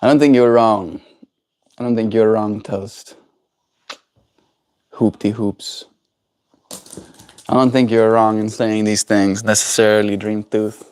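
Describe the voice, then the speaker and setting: A man talks casually on his live stream at a slow, drawn-out pace. His voice is gentle and unhurried, and he chats easily with his pet and his viewers. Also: fairly low pitch, level tone, clear, resonant tone. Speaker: livestreamer.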